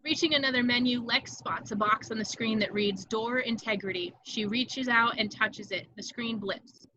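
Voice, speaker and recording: In an amateur online table read, a woman reads the stage directions aloud, brisk and vivid, now and then slipping and correcting herself. Her voice sits on the high side, and the audio is dull with background noise.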